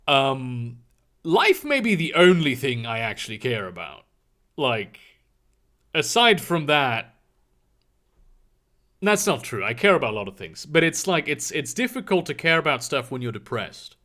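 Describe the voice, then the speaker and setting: A man's voice: medium pitch, sing-song, pushed and bright. Rambling male streamer reading chat. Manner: rambling, halting with many fillers, casual swearing. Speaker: live streamer answering chat. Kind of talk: casual livestream chat.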